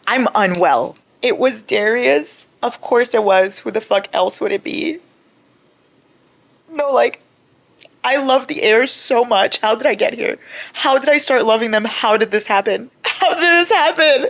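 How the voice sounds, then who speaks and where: A woman's voice: a little high, unhurried, creaky. A young woman chats at home in a casual reading vlog, her voice raw and upset from crying. She rants with big emotion, swearing freely, swinging between exasperation and disbelief. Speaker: book vlogger.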